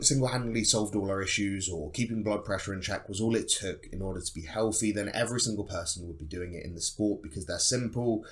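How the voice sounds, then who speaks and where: Emphatic, sarcastic man with a lowish voice. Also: a bit bright. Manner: emphatic, sarcastic, swears freely. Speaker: bodybuilding channel host. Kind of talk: opinionated monologue to camera.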